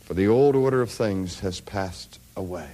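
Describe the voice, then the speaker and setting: A middle-aged man preaching a sermon, dropping to hushed near-whispers and rising to loud, ringing peaks. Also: deep voice, moderate pace.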